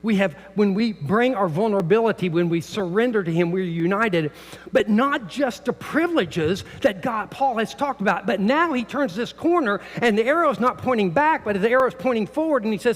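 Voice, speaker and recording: This older male pastor has a high, animated voice and preaches at a moderate pace, his words echoing with a big-room sound through the church sanctuary. His sermon unfolds as storytelling, with frequent repeated words opening his phrases and loud bursts when quoting.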